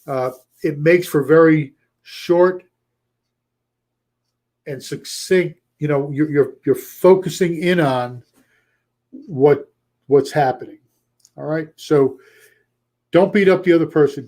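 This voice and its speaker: A man coaching a live online audience in an energetic, conversational voice that sits a touch higher than most men's. He hammers home points by repeating them and slips into quick acted snippets of phone calls. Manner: energetic, repeats key phrases for emphasis; acts out short role-play lines with a lifted voice. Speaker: coach hosting a weekly live show. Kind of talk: casual coaching talk to a live chat.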